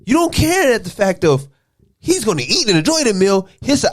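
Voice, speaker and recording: Animated man teasing his co-host. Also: high voice, a little fast. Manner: animated, teasing, pressing questions. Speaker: podcast host. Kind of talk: casual chat.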